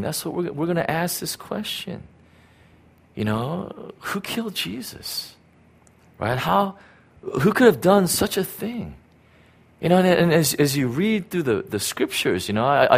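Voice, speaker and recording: A middle-aged man, a pastor, telling a personal story in a casual, rambling sermon with many fillers and restarts. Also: fairly high pitch.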